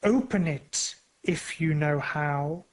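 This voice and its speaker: A sinister witch casting threats, read by the storyteller in a near-plain voice. She speaks very slowly and deliberately. This comes from a storybook for learners. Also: medium pitch, lightly acted. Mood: menacing. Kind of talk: slow read-aloud storybook.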